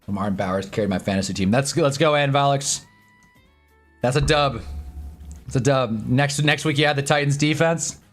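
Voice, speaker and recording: With faint music behind him, a man talks at a mid-range pitch and normal speed. He's running a casual sports live stream at his own desk mic, loose and chatty, swearing occasionally and responding to his chat.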